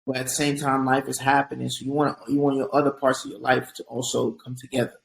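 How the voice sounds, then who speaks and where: Fast, monotone, and creaky, a young man's medium-pitched voice comes through a rough recording with slight background noise. He's a physician guest on an interview, earnestly and reflectively giving advice and often repeating words as each thought begins.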